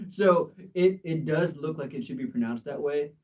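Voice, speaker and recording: An American man tutors English in a relaxed live session, gently correcting pronunciation and laughing often. His voice is mellow and warm, and he sits a little back from the mic. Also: fairly high pitch, takes it slowly, recorded from a distance, low-quality recording. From United States. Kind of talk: live language exchange lesson.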